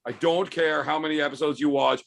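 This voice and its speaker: A man's voice: a little high, steady tone, brisk, creaky, slight background noise. A man talking as a fighter guest, blunt and profane, throwing dry insults. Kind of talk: casual trash-talk chat.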